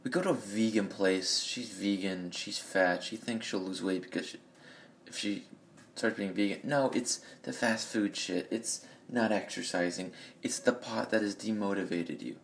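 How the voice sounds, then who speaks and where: A man's voice: on the low side, moderate pace, vocal fry, slight background noise. A man ranting bluntly and profanely in a rambling monologue, recorded on a phone in an echoey room. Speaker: vlogger.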